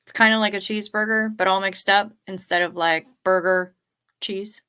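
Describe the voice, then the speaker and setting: A woman's voice: mid-range voice, steady tone, brisk, pushed and bright, clean tone. A woman in young adulthood hosting a casual late-night livestream, chatting, reading out viewer comments and swearing freely. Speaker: livestream host.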